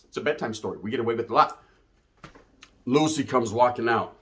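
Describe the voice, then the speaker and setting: A man's voice: mid-range voice, a little fast, a bit bright. A man telling a rambling, profane hood story full of slang. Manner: rambling, swearing, slang-heavy. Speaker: comedic storyteller.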